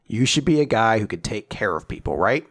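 A man's voice: on the low side, very animated, a little fast, breathy edge. A young man in casual chat, animatedly retelling a chapter and jumping into character voices as he goes. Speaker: podcast co-host recapping a manga chapter.

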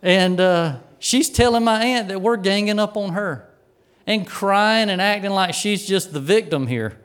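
A middle-aged male pastor telling a childhood story in a sermon, folksy and animated, chuckling as he goes. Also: sits high, unhurried, clean tone.

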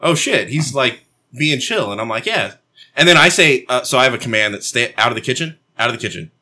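A man in casual chat, telling an animated story full of swearing and acted-out voices. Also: mid-range voice, fast. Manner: animated storyteller, mimics dogs and himself yelling, swears a lot.

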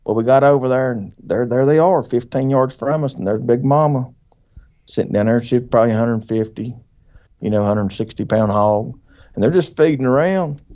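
A man telling a hunting story as a podcast guest, animated and folksy, laughing often and acting out what people said. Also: medium pitch, moderate pace, muffled recording. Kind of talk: casual storytelling.

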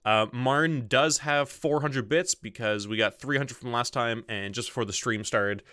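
A man's voice: mid-range voice, moderate pace, sharp tone, dry recording, studio quality. A man running a tabletop role-playing game as game master, describing the scene and rules with many fillers and asides to himself. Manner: many fillers, mutters to himself while setting things up.

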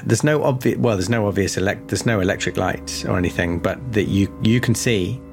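Man narrating as a halting game master. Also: on the low side, creaky, soft background music. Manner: hesitant, many fillers and restarts.

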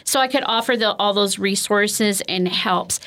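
A woman of middling pitch explains calming techniques in an easygoing training talk. She rambles a little, leans on "you know" and "um", and acts out soothing example lines as she goes. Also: normal speed. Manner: conversational, many fillers like "you know" and "um"; acts out example phrases in a gentle coaching tone. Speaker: trainer on de-escalation. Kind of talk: informal recorded training talk.

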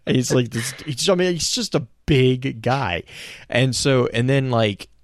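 A man's voice: mid-range voice, unhurried, dry recording, studio quality. A man co-hosting a podcast, retelling a story in casual chat with many restarts and bursts of laughter. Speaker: podcast co-host.

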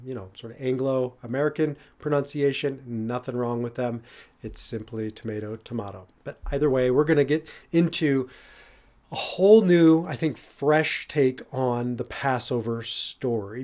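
A man's voice: medium pitch, darkish tone. A middle-aged man hosting a reflective podcast. He talks in a loose, conversational way, with fillers and restarts, and presses hard on key words. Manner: conversational, with fillers and self-corrections. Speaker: podcast host.

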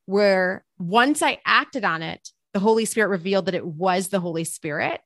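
A woman's voice: mid-range voice, normal speed, no room sound, studio quality. A woman, a teacher and author, tells a personal story in an interview, acting out the dialogue as she goes. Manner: expressive, acts out quoted dialogue.

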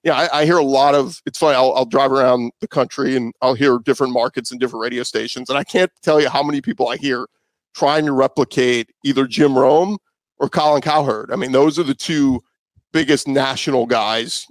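A man's voice: medium pitch, no echo. Male sports radio guest, 30s, casual storyteller, mid-range voice, dead-dry podcast sound. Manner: conversational, loose, many fillers and restarts. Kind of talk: casual interview talk.

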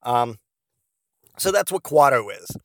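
A man's voice: mid-range voice, normal speed, no room sound, clean studio sound. Profane, rambling man telling a story. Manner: rambling, profane, lots of fillers. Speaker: podcast host. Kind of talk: casual comedic storytelling.

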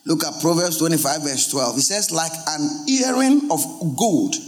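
A male pastor, preaching a lively sermon and asking his congregation questions. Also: a little high, moderate pace. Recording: long hall reverb.

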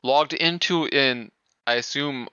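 A man co-hosting a casual gaming podcast, talking in a relaxed, wry way. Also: mid-range voice, slow, clear, resonant tone, no room sound. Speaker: podcast co-host. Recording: dull lo-fi dry mic.

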